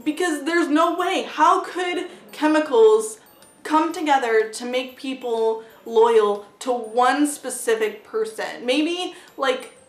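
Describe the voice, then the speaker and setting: A woman's voice: high voice, slow. A woman giving a casual, blunt book review vlog, chatty and full of "like" fillers, swearing freely. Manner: chatty, heavy use of "like" fillers. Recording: roomy echo.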